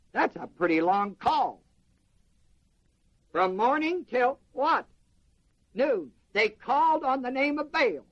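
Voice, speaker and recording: A man preaching a sermon in an animated way, quizzing the congregation with questions. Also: high voice, unhurried. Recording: dull lo-fi sermon recording.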